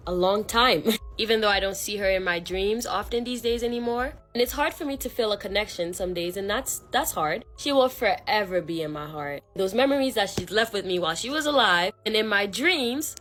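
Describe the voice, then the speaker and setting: Woman storyteller vlogger, conversational spooky narration, mid-range voice, soft music bed. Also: mid-range voice, expressive, fairly quick, few pauses. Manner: conversational, second-person narration with slang and fillers.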